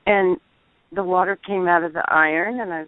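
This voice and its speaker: A middle-aged woman calling in, telling a personal testimony in an earnest, halting way, over the phone. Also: fairly low pitch, fairly even intonation, dry recording. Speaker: caller. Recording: tinny dry phone line.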